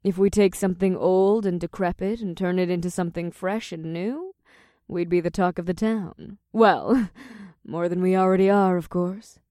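A man voicing a poised female succubus who runs a club, speaking in a languid, measured, affectionate way. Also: high-pitched, fairly even intonation, warm tone, no room sound, studio quality, pitched above the performer's own voice, lightly acted. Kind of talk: audiobook character voice.

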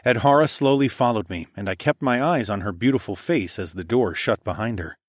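A man narrating a first-person audiobook in an even, storytelling manner. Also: fairly low pitch, fairly quick, dry recording. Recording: dry close studio recording.

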